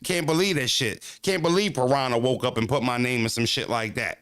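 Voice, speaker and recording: Animated streamer man, dry close mic. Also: medium pitch, brisk, no echo. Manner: animated, profane street slang, talks back to chat. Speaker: streamer reacting to chat. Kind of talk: casual livestream talk.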